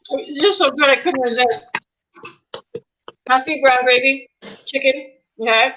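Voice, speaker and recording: A woman's voice: high voice, unhurried, pushed and bright, muffled recording. A woman from Canada making a dish on a casual video call, casual, apologetic and giggly. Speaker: guest cook. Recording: laptop mic with faint background noise.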